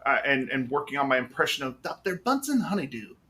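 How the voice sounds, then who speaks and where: A man's voice: medium pitch, very animated, fast talker, noisy background. A playful man chatting casually on a livestream as a guest streamer. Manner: playful, jumps into voice impressions.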